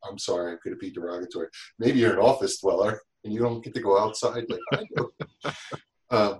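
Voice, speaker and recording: A lower-voiced man talks casually as a guest, spinning anecdotes and acting out other people's lines. His voice bounces around a reverberant room. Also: a little fast. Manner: animated storyteller, acts out quotes. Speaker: guest, safety instructor. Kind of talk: casual podcast chat.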